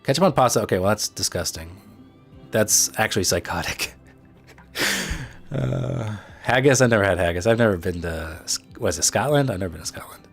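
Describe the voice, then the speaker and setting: A young man with a Chicago accent talks in a low voice, rambling casually to viewers as a livestream host. He speaks bluntly and fills gaps with "like" and "um". Faint music plays behind him. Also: normal speed, gravelly. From Midwest United States. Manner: loose and chatty, full of fillers and blunt asides.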